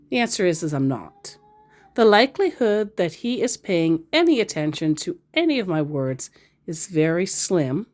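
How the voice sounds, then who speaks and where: A woman's voice: lowish voice, very animated, moderate pace, darkish tone. A woman hosting a scambaiting video, giving dry, sarcastic commentary on a scammer's messages. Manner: sarcastic, wry asides. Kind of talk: dry commentary on a scam chat.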